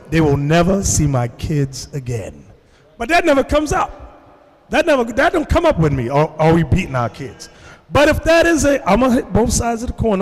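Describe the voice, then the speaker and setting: A man's voice: high-pitched, in a large hall. A man preaching to a congregation, telling stories and addressing the room directly. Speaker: religious teacher. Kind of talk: sermon to a congregation.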